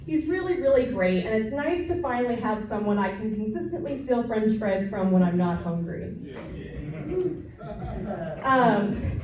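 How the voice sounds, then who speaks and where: A young woman comedian works the crowd with brash, crude, self-mocking jokes in a slightly high voice. She sounds distant from the mic, and the room rings with heavy echo over faint background noise. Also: darkish tone. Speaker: stand-up comedian. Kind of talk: stand-up comedy set.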